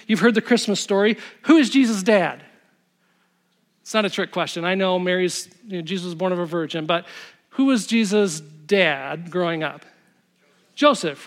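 A man with a notably high-pitched voice preaches a sermon in a relaxed, conversational way. He reads scripture aloud and breaks off into quick asides to the congregation. The delivery is interactive and direct. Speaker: pastor.

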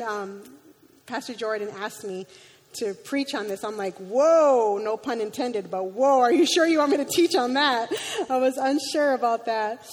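A woman preaching a sermon, reading scripture aloud with emotion, sometimes stumbling and correcting herself. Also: on the high side. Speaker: guest preacher. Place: church sanctuary. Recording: long hall reverb.

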